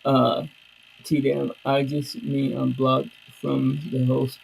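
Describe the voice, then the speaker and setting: A man's voice: mid-range voice, completely flat delivery, slow, creaky, a little hiss or hum, low-quality recording. A man streaming live, chatting casually and loosely with his viewers in slang. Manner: loose, slangy and rambling, talking to chat. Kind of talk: casual chat.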